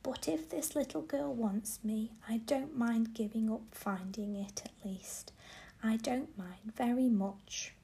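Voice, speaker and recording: A woman reading aloud voices a kind, ugly little male fairy in a soft whisper, as whispered role-play. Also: on the high side, takes it slowly, vocal fry. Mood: gentle.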